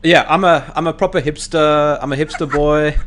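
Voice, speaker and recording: A man's voice: a little high, steady tone, normal speed, a bit bright, a little hiss or hum. A South African man hosting a casual interview, often stammering and restarting his sentences. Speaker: host. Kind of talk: casual video-call interview.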